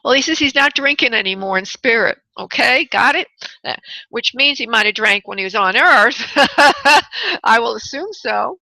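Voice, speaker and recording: A woman's voice: a little high, lively intonation, moderate pace, creaky, bright, forceful tone, no room sound. A woman hosting a call-in radio show as a psychic medium, chatty, laughing often and calling callers honey and darling. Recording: dull lo-fi radio audio, dry.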